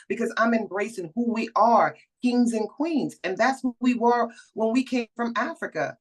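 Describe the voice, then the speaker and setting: A woman filmmaker talking as a guest in a casual conversation, warm and affirming, often agreeing with the host. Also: on the high side, lively intonation, normal speed, few pauses, low-quality recording.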